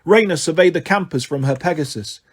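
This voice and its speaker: A man narrating an adventure novel in a measured, expressive reading voice. His voice sits a little high for a man. He paces the action steadily. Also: husky. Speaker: audiobook narrator. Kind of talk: storytelling narration.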